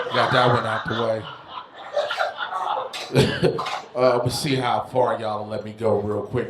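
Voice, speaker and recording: A man performing a stand-up set at a live show in a tavern, loud and profane, breaking into shouts and laughter on a stage mic. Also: a little high, noisy background. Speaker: stand-up comedian.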